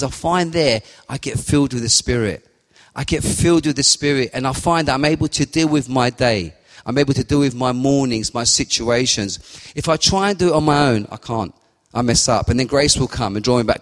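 A man's voice: medium pitch, a little fast. A middle-aged man giving an informal, rambling sermon, acting out his prayers aloud. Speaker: preacher. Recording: long hall reverb.

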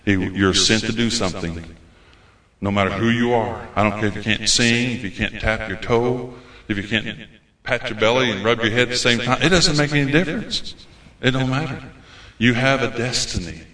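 This American guest preacher's medium-pitched voice is bright and forceful, moving at a moderate pace through a fervent, folksy sermon full of repeated phrases for emphasis. It's recorded in a church hall, and the space sounds roomy.

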